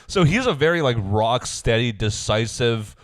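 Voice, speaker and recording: A man's voice: medium pitch, sing-song, unhurried, no room sound, studio quality. A man co-hosting a podcast, chatting casually and laughing as he acts out quotes. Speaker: podcast co-host. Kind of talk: casual chat recapping a reality show.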